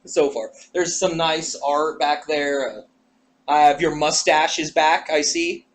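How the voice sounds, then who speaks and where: Young man, high voice, casual podcast chat, rambling, jokey. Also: fairly even intonation, a little slow, a little hiss or hum, low-quality recording. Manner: rambling, jokey, laughs often. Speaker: podcast co-host. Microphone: handheld ball microphone, sometimes held away.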